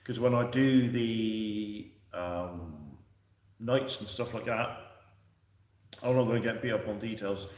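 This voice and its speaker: A man hosting a casual livestream, chatting and answering viewers in a rambling way with fillers and restarts. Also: lowish voice. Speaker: livestream host. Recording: echoey room, distant from the mic.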